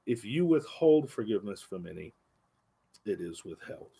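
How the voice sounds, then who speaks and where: A man teaching an adult Bible class in a church, speaking earnestly and slowing down for emphasis on key phrases. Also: lowish voice, very animated, gravelly, dark tone, slight background noise. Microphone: livestream microphone.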